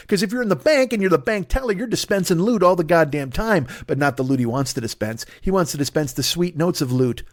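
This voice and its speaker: A man's voice: high voice, lively intonation, fast, hardly any pauses, no room sound, studio quality. A middle-aged man hosting a solo comedy podcast, rambling profanely and acting out bits in put-on voices.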